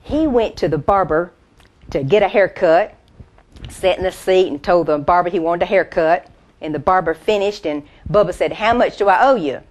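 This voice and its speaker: A woman's voice: lowish voice, darkish tone, a little hiss or hum, natural voice. A woman doing a folksy country comedienne. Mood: chatty. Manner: folksy, drawn-out storytelling with laughs at punchlines. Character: folksy Southern country comedienne, chatty and homespun. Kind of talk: stand-up storytelling impression.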